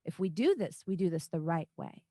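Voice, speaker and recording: A woman voicing a tall, mysterious woman who speaks softly and persuasively in a tabletop game. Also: fairly low pitch, lively intonation, brisk, no echo, clean studio sound. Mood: coaxing. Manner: soft, gentle, persuasive.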